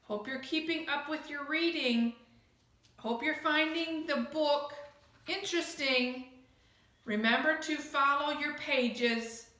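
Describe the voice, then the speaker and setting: A woman teacher giving a recorded grammar lesson, slow and patient, explaining with repeated examples. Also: high voice, sharp tone. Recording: very echoey room.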